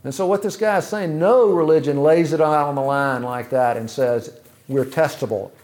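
A man preaching a sermon, asking rhetorical questions in a measured way. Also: a little high, darkish tone. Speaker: pastor.

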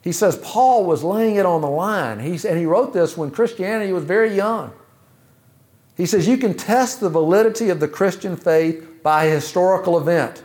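Preacher, male, fairly high-pitched voice, measured delivery with rhetorical questions. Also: animated, a little mellow. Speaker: pastor. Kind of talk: sermon.

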